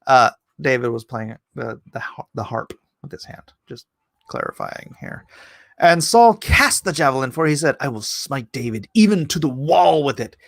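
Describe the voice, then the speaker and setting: A man's voice: medium pitch, animated, normal speed, gravelly, dry recording. Joking man reading scripture aloud. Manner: reads aloud, breaks off to joke and greet chat viewers; laughs at his own asides. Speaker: livestream host reading scripture. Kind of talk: casual Bible reading with chat banter.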